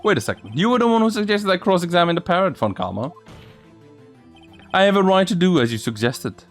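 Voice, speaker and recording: A man's voice: high-pitched, big pitch swings, brisk, faint music behind, voice pushed up. A man voicing a determined young male defense lawyer in a courtroom game, earnestly thinking aloud.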